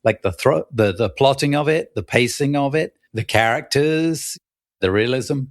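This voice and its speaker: A man with a British accent softened by years in the US, co-hosting a casual podcast. He talks in an easygoing way and laughs between his phrases. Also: medium pitch, normal speed. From United Kingdom. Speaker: podcast co-host.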